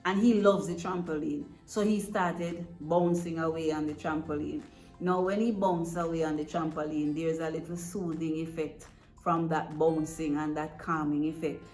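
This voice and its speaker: A woman's voice: low voice, fairly even intonation, moderate pace, darkish tone. Earnest woman coaching parents. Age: adult parent. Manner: earnest and direct, checks in with "right?". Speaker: parent coach giving advice. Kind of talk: advice talk to parents. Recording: echoey room with faint music.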